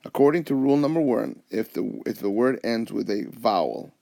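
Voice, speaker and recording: A man's voice: medium pitch, moderate pace, creaky, warm tone, dry recording, clean studio sound. A man teaching a Spanish lesson over a whiteboard, explaining patiently step by step and switching between English and Spanish.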